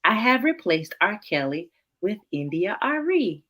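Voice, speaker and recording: Woman poet reading real slow, bright voice, kinda sings some lines. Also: mid-range voice, big pitch swings. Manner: slow, deliberate, half-sung lines. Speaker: spoken word poet. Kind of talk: slow spoken word poetry performance.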